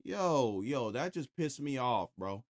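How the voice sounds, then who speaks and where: A man casually reacting to a video on stream, blunt and profane, poking fun at everything he sees. His voice sits at an ordinary middle pitch, and he talks in a loose, mocking way. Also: very animated, takes it slowly, a little mellow.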